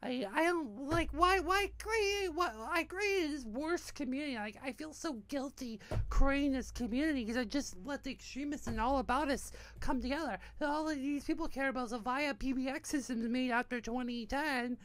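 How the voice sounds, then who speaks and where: Her voice sits high and moves at a moderate pace with hardly any pauses. She's an online community founder in her thirties from New Hampshire, delivering a bitter, profane, rambling rant riddled with restarts.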